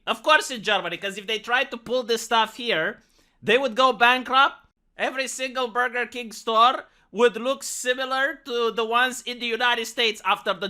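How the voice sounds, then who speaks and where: A man's voice: high-pitched, bright, forceful tone. A man from Romania, who rants sarcastically in a casual vlog. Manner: sarcastic, ranting. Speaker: vlogger. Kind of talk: casual opinion rant.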